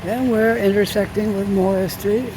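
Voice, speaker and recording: This man, a Canadian walking vlogger, records on a handheld phone while wandering city streets, chatting and musing aloud over background street noise. His voice sits high, his tone stays steady, and he talks at a normal speed.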